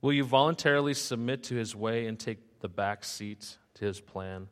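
A man's voice: mid-range voice, normal speed, fairly bright tone, smooth. Male pastor reading rhymes in a hall. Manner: rhythmic, sing-song rhyming delivery. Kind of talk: sermon with rhyming storytelling. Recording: long reverb of a hall.

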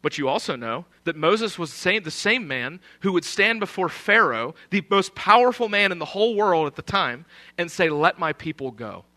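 Bright, forceful male preacher. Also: high-pitched, big pitch swings, moderate pace. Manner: emphatic, conversational preaching with rhetorical questions. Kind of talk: sermon.

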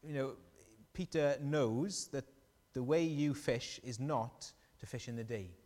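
A man preaching a sermon, animated and storytelling, asking the congregation questions. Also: mid-range voice, measured pace, big-room sound.

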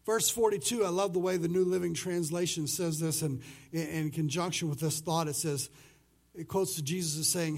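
Male pastor with a high voice, preaching casually and acting out quotes. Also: normal speed, vocal fry. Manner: swings between loud and soft. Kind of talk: sermon.

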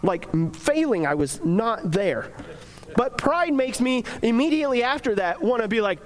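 A man's voice: very high voice, very animated, unhurried. A young man preaching in a casual, conversational way, often acting out imagined inner voices. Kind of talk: casual sermon.

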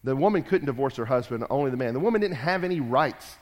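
A man preaching a sermon, emphatic and repetitive, rising loud and dropping quiet. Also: medium pitch, expressive, quick pace. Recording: long hall reverb.

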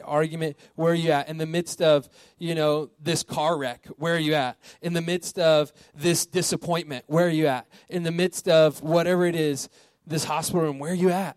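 A man delivers a sermon in a casual, talking-to-friends way, peppering it with rhetorical questions. His voice sits a bit high for a man. The sound is dry and close, with no room echo. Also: steady tone, a little fast, a little mellow. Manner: conversational preaching with rhetorical questions. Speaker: pastor.

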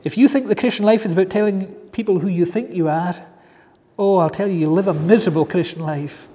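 A male preacher with a high, mellow voice delivers a fervent sermon, stretching out pleading calls. His words ring through a church hall with long reverb. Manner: fervent, drawn-out pleading exclamations.

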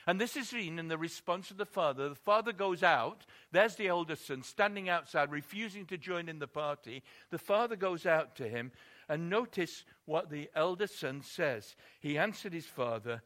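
A man's voice: fairly high pitch, animated, normal speed, a bit bright. A man preaching a sermon, telling a story expressively and building emphasis on key points.

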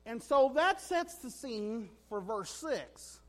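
Man, preacher, folksy sermon, high voice, animated. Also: slow pace. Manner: folksy, animated, asks the room "right?" often.

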